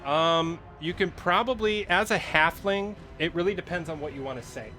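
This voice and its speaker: A man's voice: fairly high pitch, moderate pace, sharp tone, soft background music. A man running a tabletop game as game master, explaining the rules in a playful way and laughing often as he acts out the monsters.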